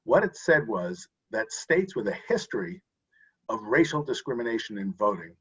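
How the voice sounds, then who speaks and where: Answering an interview question by video call, a man who is a guest expert on voting rights explains things earnestly, often starting his sentences over. His fairly low, husky voice has a sing-song quality and a moderate pace. The audio sounds muffled.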